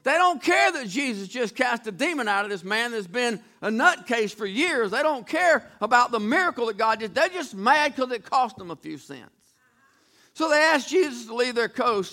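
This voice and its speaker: A man with an extremely high-pitched, sharp voice preaches a storytelling sermon. He retells Bible stories in a folksy, dramatic manner, acting out the characters' voices.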